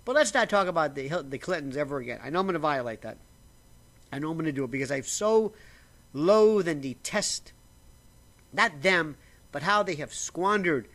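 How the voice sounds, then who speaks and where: A man talking casually to camera from a simple home setup in a rambling, animated way, often restarting his sentences and sipping coffee as he goes. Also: on the high side, creaky. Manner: slurps coffee while talking. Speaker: vlogger.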